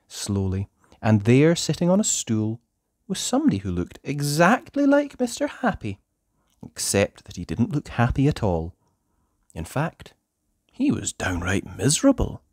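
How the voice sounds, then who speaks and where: A storyteller reading a children's picture book aloud in an expressive, sing-song way. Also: medium pitch, measured pace, no echo, studio quality.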